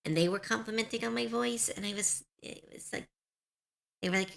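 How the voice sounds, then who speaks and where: A woman streamer chatting casually on a live stream, musing softly and answering her chat. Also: mid-range voice, animated, brisk, vocal fry.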